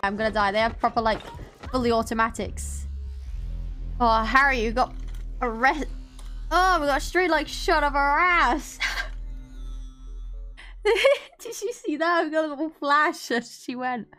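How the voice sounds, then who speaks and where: A young woman in her twenties streaming gameplay, giggly and excitable, swearing freely as she comments. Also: sits high, measured pace, pauses often, soft background music.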